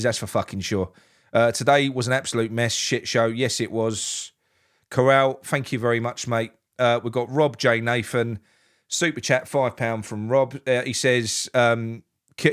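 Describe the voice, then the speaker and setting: A man hosting a live reaction stream as a football fan, ranting and swearing, swinging between loud outbursts and low muttering. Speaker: football fan channel host. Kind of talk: angry live match reaction.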